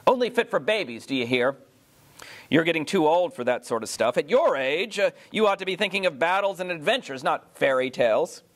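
A man reading a storybook aloud plays a tyrannical middle-aged storybook king. He scolds harshly and gives cold orders. The voice stays somewhat high for a man. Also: expressive, fairly quick, lightly acted. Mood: stern scolding. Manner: stern, scolding, cold commands.

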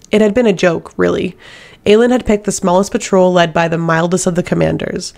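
A woman narrating a fantasy novel as an audiobook reader, in a steady, even reading voice. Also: lowish voice, fairly quick, gravelly.

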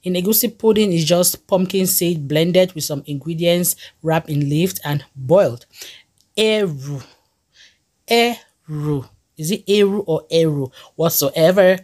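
Chatty and laughing easily, a young food vlogger with a Cameroonian accent presents a list of dishes with enthusiasm. She speaks at a moderate pace in a lowish, dark voice, hardly pausing.

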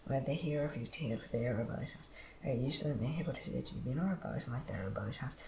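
A man reading Bible passages aloud at a steady pace, with occasional slips and restarts. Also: mid-range voice, rapid-fire, gravelly. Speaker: Bible reader. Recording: echoey room with background noise.

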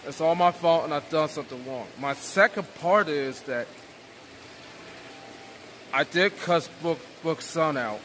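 A man vlogging a casual, rambling apology to camera, halting and repeating himself. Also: on the high side, a bit bright, a little hiss or hum. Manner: repetitive, halting, with restarts.

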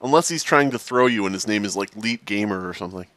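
A man's voice: fairly low pitch, animated, fast, fairly bright tone, no room sound. A man cracks jokes with friends over voice chat while he plays, his voice swinging up and down a lot. The sound is close and dry, with no room around it. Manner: joking, chatty, laughs often. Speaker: gaming channel host. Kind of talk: casual gaming chat.

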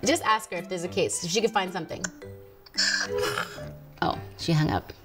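A woman's voice: on the low side, moderate pace, music in the background. A woman hosting her own show, chatting casually to the camera in a bubbly way and laughing often. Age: adult with a teen daughter and a baby. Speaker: host.

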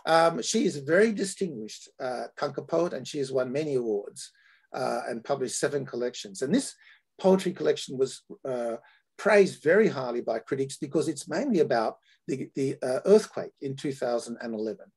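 Australian man, academic lecture, raspy, halting delivery. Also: mid-range voice, lively intonation, darkish tone. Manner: halting, many fillers and restarts.

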